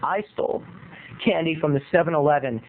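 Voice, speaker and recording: A man's voice: fairly high pitch, brisk, slight background noise. A man video blogger telling a comedic story in a theatrical, campy, mock-solemn way. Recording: tinny lo-fi sound.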